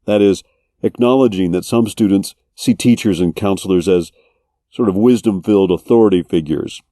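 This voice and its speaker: Low, mellow-voiced male podcast host. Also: normal speed, no room sound, studio quality. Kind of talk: scripted narration.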